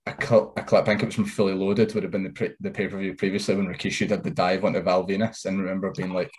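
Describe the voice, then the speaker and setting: A man's voice: sits low, little pitch movement, fast talker. A man in his thirties, a wrestler guest, easygoing and rambling. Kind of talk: casual interview chat.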